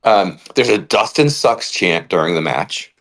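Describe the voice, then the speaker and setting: A man co-hosting a casual wrestling podcast, telling it in an animated, ranting way and swearing freely. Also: low voice, unhurried. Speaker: podcast co-host.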